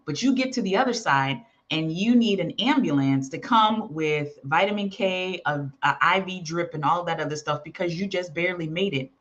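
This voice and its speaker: A woman's voice: on the low side, normal speed, hardly any pauses, a bit bright, dull audio. A woman teaching in a sermon style, telling a story and acting out the voices of its characters. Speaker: preacher.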